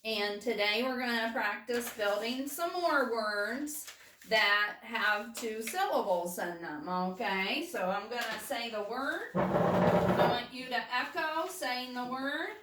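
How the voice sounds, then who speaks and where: Slow patient woman teaching small kids. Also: a little high, background noise. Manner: slow, patient, checks in with "okay?" often. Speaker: first grade teacher. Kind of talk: recorded phonics lesson for young children. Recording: roomy, mic at a distance.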